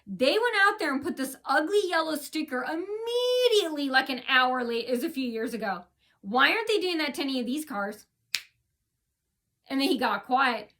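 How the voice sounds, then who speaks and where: With a high-pitched, sing-song voice and a sharp tone, this US vlogger speaks at normal speed. She's airing a grievance in a casual vlog, indignant and rambling, with many restarts along the way.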